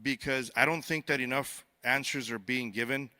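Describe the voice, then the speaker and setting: The speaker, a border patrol agent at a youth summit, talks at normal speed in a medium-pitched, pushed and bright voice with fairly even intonation. His conference speech to the live audience on stage is conversational and joking, with frequent repeated words as he starts sentences.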